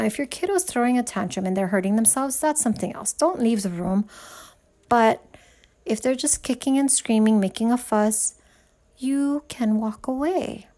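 A woman's voice: a little high, darkish tone. A woman giving parenting advice in a frank, emphatic monologue, talking straight to the listener. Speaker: parenting advisor.

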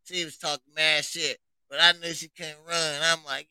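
Gravelly high-voiced man, laughing storyteller. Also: little pitch movement, moderate pace, pushed and bright, dry recording, low-quality recording. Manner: laughs often while telling family stories, crude slang. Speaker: podcast co-host. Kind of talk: casual storytelling chat.

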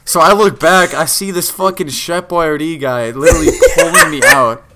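A young man telling a party story in casual chat, animated, laughing often and acting out what people said. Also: fairly high pitch, moderate pace, heavy background noise. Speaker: podcast guest telling a story.

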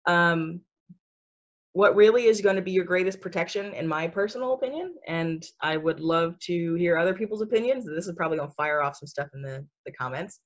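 This spiritual speaker has a lowish voice and talks a bit quickly during a casual podcast conversation. Her manner is sassy and talkative, full of filler words and frequent laughs.

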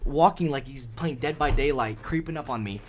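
A man's voice: medium pitch, normal speed, a little hiss or hum. A young man co-hosting a casual sports podcast, telling stories animatedly and laughing often. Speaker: podcast co-host. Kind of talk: casual chat.

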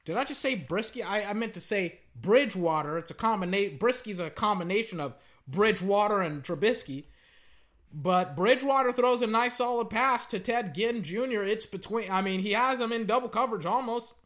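A man sits at home with a desk microphone, talking through a football game as it plays. His voice is bright and sharp, and he rants, gets worked up and swears casually at the players. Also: sits high, normal speed. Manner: animated, ranting, swears casually. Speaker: sports commentator. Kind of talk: casual live game commentary. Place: home living room.

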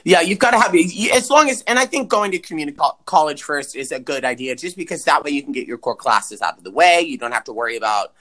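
A man co-hosting a podcast, chatting casually and swearing as he recaps a movie with big pitch swings for emphasis. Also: expressive, fast talker, hardly any pauses, bright, forceful tone. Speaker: podcast co-host.

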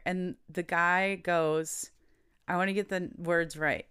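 A woman's voice: lowish voice, takes it slowly, clear, resonant tone. Chatty woman telling a story. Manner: animated storyteller quoting people, laughs often. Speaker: podcast co-host. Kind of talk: casual chat, storytelling.

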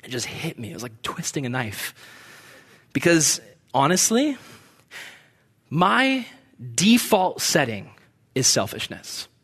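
A young man with a notably high voice preaches to his congregation. He talks in a casual, storytelling way, slipping into the voices of the people in his stories. The delivery feels like a relaxed sermon rather than a formal address. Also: slow, pauses often, husky. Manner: conversational storytelling preaching, acts out quotes. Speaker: pastor.

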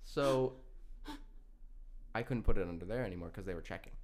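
A man's voice: on the low side, fairly quick. Young man, podcast co-host, casual storytelling, swears a lot, laughs through it. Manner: laughing, swearing, rambling with restarts.

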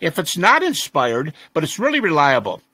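Man, interview guest, animated storyteller, bright tone, dry close sound. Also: fairly high pitch, normal speed, slightly rough, dry recording. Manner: animated, mimics the voices of students he quotes. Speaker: interview guest, resurrection scholar. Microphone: audio-only interview recording.

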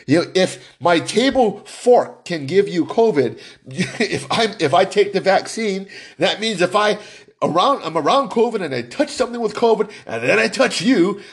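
A man hosting a podcast, talking in an animated, emphatic way with lots of restarts and "right?" tags. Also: high voice. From United States. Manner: deliberately animated and emphatic, pushing his voice up for effect. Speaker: podcast host. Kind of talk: animated solo podcast monologue.

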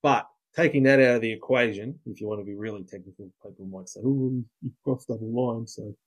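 A man, talking at a middle pitch. He co-hosts a casual podcast chat and lays out his views bluntly, swearing as he goes. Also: fairly quick, low-quality recording. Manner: blunt, opinionated, swears freely. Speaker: podcast co-host.

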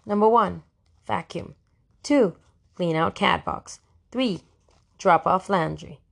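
A woman narrates a first-person diary audiobook with a wry, fussy teenage edge. Her voice sits a little low and slips into creaky fry at the ends of phrases. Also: slow.

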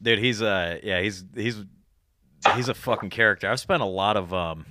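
A man's voice: lowish voice, normal speed, heavy background noise. A man hosting a podcast, telling crude stories in casual chat, swearing a lot and laughing as he acts out his friends' lines. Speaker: podcast host.

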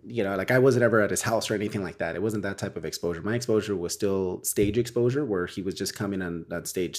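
Male guest, lowish voice, loose rambling storyteller, animated. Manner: rambling, animated storytelling with frequent tag questions. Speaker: podcast guest, real estate wholesaler. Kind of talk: casual interview chat.

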